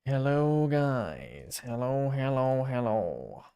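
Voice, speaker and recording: A man streaming a video game, chatting casually and thinking out loud as he rambles and repeats himself. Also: medium pitch, big pitch swings, slow, clean tone. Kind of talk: casual live-stream chat.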